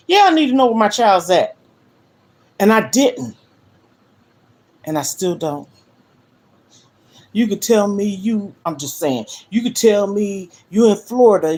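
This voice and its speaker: An older woman speaks earnestly and emphatically to viewers from her living room, hosting a livestream on her phone. Her voice sits on the high side and sounds a little mellow as she delivers an emotional monologue.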